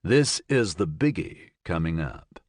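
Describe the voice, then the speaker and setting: A man voicing a kind, patient man who speaks softly and reassuringly in a science fiction audiobook. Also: low-pitched, lively intonation, unhurried, no echo, clean studio sound. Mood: soothing. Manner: soft-spoken, soothing, reassuring. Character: calm, kind grown man, patient and gently amused.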